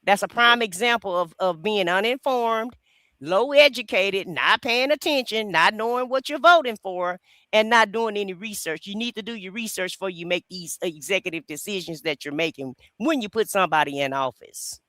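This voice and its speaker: A man's voice: sits high, normal speed, pushed and bright, no room sound. A man co-hosting a casual talk show, making emphatic points. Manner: emphatic, lecturing. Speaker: podcast co-host. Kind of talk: casual chat.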